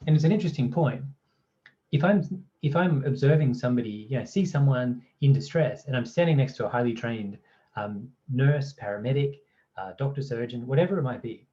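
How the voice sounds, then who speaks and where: Aussie guy teaching, mellow voice, chatty, a bit lo-fi. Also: mid-range voice, brisk. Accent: Australian. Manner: conversational, frequent "right?" and "you know". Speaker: presenter of a training course. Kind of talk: explanatory talk to camera.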